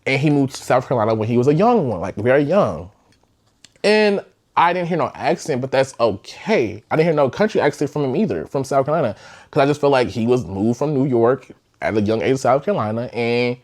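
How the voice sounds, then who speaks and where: Young man telling a candid storytime. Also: medium pitch. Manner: candid, rambling, swears freely. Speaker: podcast host. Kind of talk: casual storytime.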